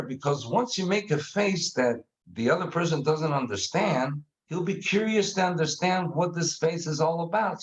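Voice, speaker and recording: Animated man explaining, lively pitch. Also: normal speed, hardly any pauses, lo-fi sound. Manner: animated, acts out examples with faces and sounds. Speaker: guest, communication coach. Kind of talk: explaining a method in casual chat.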